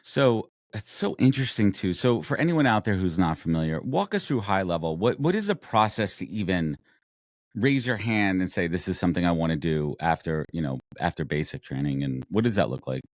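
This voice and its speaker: A man's voice: low voice, animated, fairly quick, no room sound, clean studio sound. A man hosting a podcast, asking long rambling questions with restarts. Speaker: podcast host. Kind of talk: casual interview conversation.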